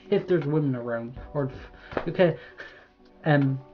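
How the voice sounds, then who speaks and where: A man's voice: medium pitch, highs cut off. A young Irish man chatting casually through a quiz, rambling and swearing freely as he trails off mid-thought. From Ireland. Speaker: vlogger doing a quiz. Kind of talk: casual chat.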